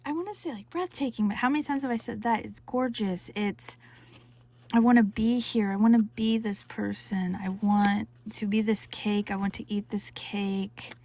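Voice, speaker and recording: A woman's voice: mid-range voice, steady tone, normal speed, darkish tone. A woman hosting a crafting vlog, gushing over a new kit and sometimes dropping to a whisper. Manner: gushing, breathless, drops into whispers. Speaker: crafting channel host. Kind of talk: excited unboxing vlog.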